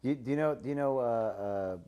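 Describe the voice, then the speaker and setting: Podcast host dude, mid-range voice, tells a story and does the voices. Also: male voice, fairly quick, warm tone, smooth. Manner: acts out quoted voices with big pitch jumps. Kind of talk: casual chat.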